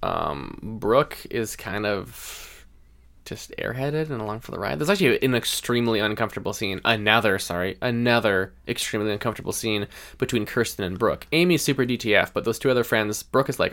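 A man co-hosting a podcast, casually chatting through a film and retelling its scenes in a lively way. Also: fairly low pitch, brisk, vocal fry. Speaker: podcast co-host. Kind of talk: casual movie-review chat.

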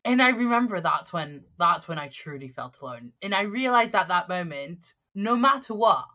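A woman's voice: lowish voice, lively intonation, normal speed, sharp tone, muffled recording. A young adult woman guest on a podcast, talking frankly and reflectively about her life as a single mum. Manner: frank, reflective, swears casually. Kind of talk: candid conversational storytelling.

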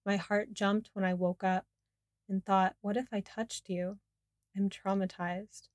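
A man's voice: sits high, little pitch movement, no echo, studio quality. A woman reading the lines of a defensive adult man in her own voice. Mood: tender. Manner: defensive, quick explanations.

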